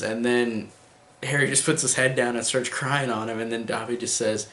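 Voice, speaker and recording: A man's voice: mid-range voice, level tone, unhurried, a bit bright, a little hiss or hum. A man giving a casual film review in an enthusiastic, emotional, rambling way. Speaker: movie reviewer. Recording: roomy echo.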